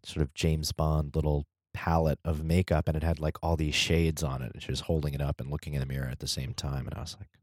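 A man's voice: very deep voice, flat delivery, quick pace, few pauses, a little mellow, no room sound, clean studio sound. A man co-hosting a casual comedy podcast, playful and riffing on jokes. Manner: playful, riffs into sing-song bits. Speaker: podcast co-host. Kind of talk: casual chat.

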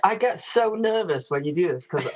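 A man's voice: high-pitched, lively intonation, normal speed, a little mellow, breathy edge, lo-fi sound. A man from northern England co-hosting a casual chat, joking and ribbing the others. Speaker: podcast co-host. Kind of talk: casual chat among friends.

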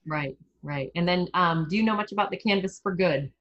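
A woman's voice: fairly low pitch, a little fast, fairly bright tone, muffled recording. A woman hosting a casual interview, enthusiastic and prone to restarting her sentences. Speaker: interview host.

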